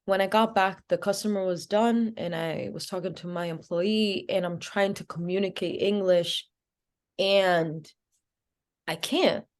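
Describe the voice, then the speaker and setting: With a medium pitch and measured pace, this young woman from Providence, Rhode Island, shares her story in a podcast interview. Her telling is animated, packed with "like" and acted-out exchanges.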